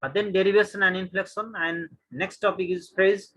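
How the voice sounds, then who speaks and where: A man with an Indian English accent, a teacher reading through a course syllabus, listing topics one by one with frequent pauses. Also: high-pitched, fairly even intonation, pushed and bright, poor audio. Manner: reads lists item by item with many "uh" pauses.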